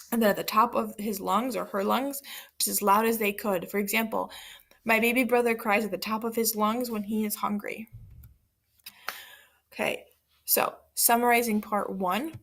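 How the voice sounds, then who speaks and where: A woman's voice: mid-range voice, fairly bright tone. A woman teacher leading a second-grade reading lesson, explaining words and reading a story aloud.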